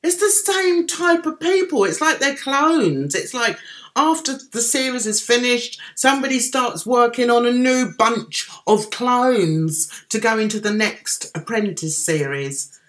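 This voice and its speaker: Chatty and middle-aged, this Cockney woman from London hosts a casual livestream, reading out viewers' comments and answering them. Her voice is fairly high and fairly bright, with lively intonation and a measured pace.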